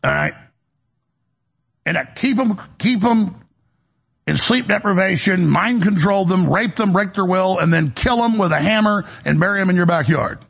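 A male show host rants into the studio mic with a heavily gravelly, husky voice. He rambles in an agitated way, repeats himself and restarts sentences over and over. His voice sits a little above the usual male pitch. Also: fairly quick, hardly any pauses, a bit bright. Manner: agitated, repetitive, with many restarts. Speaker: radio and web show host. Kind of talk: rambling broadcast monologue. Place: broadcast studio.

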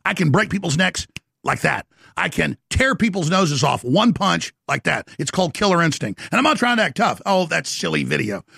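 A middle-aged man with a gravelly voice hosting a talk show, delivering an intense, boastful monologue. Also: a little high, very animated, normal speed, bright, forceful tone, dry recording, studio quality. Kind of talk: ranting monologue.

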